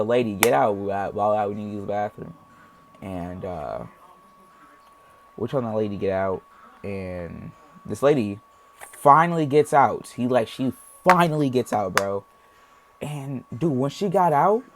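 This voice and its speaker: A man's voice: medium pitch, background noise. A young man telling a casual storytime, rambling with lots of slang and acting out what people said. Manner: rambling, heavy slang, acts out voices. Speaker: storytime vlogger.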